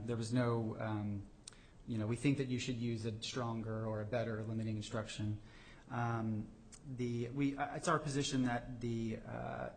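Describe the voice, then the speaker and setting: A man, a government attorney, answering judges in a courtroom oral argument, often pausing with fillers and restarting his sentences. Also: mid-range voice, darkish tone, a little hiss or hum. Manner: hesitant, many fillers and restarts.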